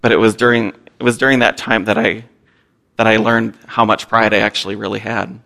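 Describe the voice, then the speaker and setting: Earnest missionary man with a gravelly voice. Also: on the low side, little pitch movement, fairly quick, sharp tone. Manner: earnest, candid, self-deprecating. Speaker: missionary speaking to a church. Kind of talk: personal testimony talk.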